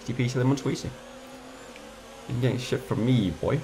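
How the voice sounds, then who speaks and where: A man's voice: medium pitch, moderate pace, creaky, background noise. A man giving casual gameplay commentary, frustrated, swearing and trash-talking his rivals. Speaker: gamer.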